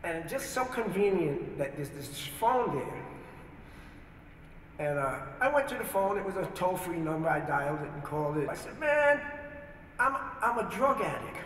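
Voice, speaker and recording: A man shares his personal testimony with lively, animated storytelling and acts out the voices of the people in it. His voice sits high for a man. It comes from a video played in a big hall, so it sounds distant and echoey, with long reverb and a faint hum behind it. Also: normal speed.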